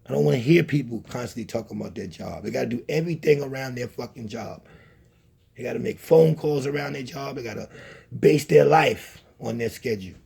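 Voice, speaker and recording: A man's voice: medium pitch, a little fast, creaky, a little mellow, slightly rough. A man delivering a scolding, preachy monologue to camera, repeating himself as he lectures. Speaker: channel host.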